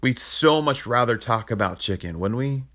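A man's voice: mid-range voice, animated, normal speed, a bit bright. A man in his thirties hosting a podcast, talking casually and earnestly about faith and family life, with frequent restarts and chuckles. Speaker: podcast host. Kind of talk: casual reflective talk on faith.

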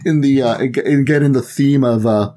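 A man guesting on a podcast, telling a history story in a rambling, lively, casual way. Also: mid-range voice, moderate pace.

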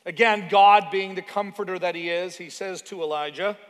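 A high-voiced man preaching in a conversational way, breaking off for asides and stories about his own life. His voice rings with the long reverb of a large hall. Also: steady tone, normal speed. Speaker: pastor. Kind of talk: sermon.

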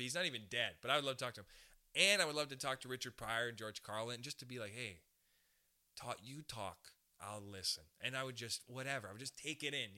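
A man's voice: medium pitch, bright, forceful tone. A young man hosting a podcast, rambling through a crude comedic monologue and laughing often. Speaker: podcast host.

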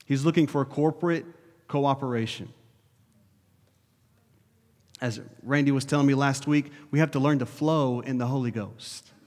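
A man preaching a sermon to his congregation, earnest, building to urgent questions and dropping soft for prayer. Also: medium pitch, normal speed, pauses often. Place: church sanctuary. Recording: long reverb of a hall.

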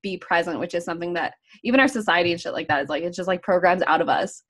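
A young woman hosting a podcast, telling stories in a casual, animated way, laughing often and swearing freely. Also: lowish voice, quick pace. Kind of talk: casual chat.

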